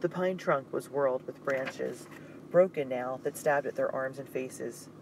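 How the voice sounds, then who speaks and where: A man's voice: mid-range voice, a little slow, vocal fry, slight background noise, rough recording. Man reading a suspenseful story. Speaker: narrator. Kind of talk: audiobook narration.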